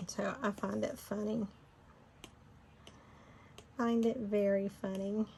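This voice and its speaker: A woman's voice: mid-range voice, level tone, takes it slowly, gravelly, dark tone. Middle-aged southern woman w/ a georgia drawl, chatty and rambly, walking through a design tutorial, little bit of hiss behind her. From Florida. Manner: chatty, rambling, laughs easily. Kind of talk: casual screen-recorded tutorial chat.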